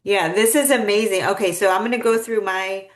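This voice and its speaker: A woman's voice: medium pitch, a little fast. A woman hosting a podcast interview, reflective and thoughtful in how she talks. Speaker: podcast host.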